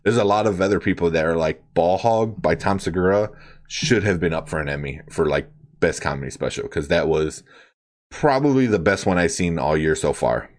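Talking comedy specials on his podcast, the host stays animated, laughs a lot, and leans heavily on fillers like "like" and "you know." His voice sits low and moves fairly quickly in this casual chat.

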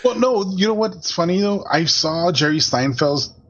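A man with a mid-pitched, slightly husky voice tells casual stories about his daughter. He slips into a higher pitch when voicing her. The sound is dull and lo-fi. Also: expressive, normal speed, a bit bright. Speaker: podcast guest, father. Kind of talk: casual chat, storytelling.

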